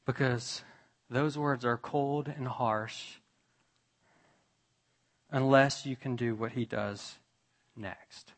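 A man preaching a sermon to his church, slow and deliberate, building to emphatic, raised passages and dropping to quiet ones. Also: mid-range voice, steady tone. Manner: slow, with long pauses, rising to emphatic peaks. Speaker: pastor.

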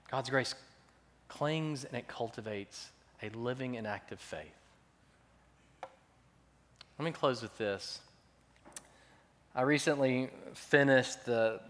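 Slow earnest pastor in a reverberant hall. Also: male voice, mid-range voice, fairly bright tone. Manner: earnest, slow and measured with emphatic swells. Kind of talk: sermon. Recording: long reverb of a large hall.

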